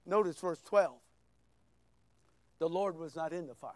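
An older man in his sixties preaching a sermon, swinging from loud shouts down to near-whispers and repeating words for emphasis. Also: a little high, unhurried, long pauses, no room sound. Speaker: pastor.

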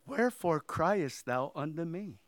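A man preaching a sermon and reading scripture aloud, emphatic, swinging between loud outbursts and hushed asides. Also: a little high, animated, unhurried, no room sound.

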